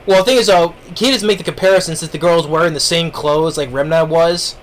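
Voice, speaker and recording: A man's voice: a little high, brisk, slight background noise. A man giving a casual spoken review of an anime, rambling along with lots of fillers and restarts. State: eating while talking.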